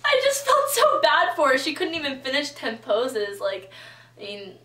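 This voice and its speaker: A woman's voice: sits high, huge pitch swings, moderate pace, sharp tone, distant mic, a little hiss or hum. A young woman telling a story to her vlog viewers in a casual, chatty way, full of "like" and acted-out quotes. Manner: chatty, filler-heavy with lots of "like" and quoted reactions. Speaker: vlogger. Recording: roomy echo, voice a bit off-mic.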